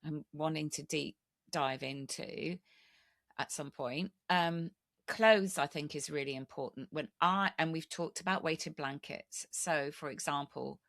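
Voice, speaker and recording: A woman's voice: sits low, vocal fry, a bit bright, no room sound, clean studio sound. A woman hosting a podcast, speaking candidly and reflectively about her own experiences. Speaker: podcast host. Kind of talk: conversational podcast interview.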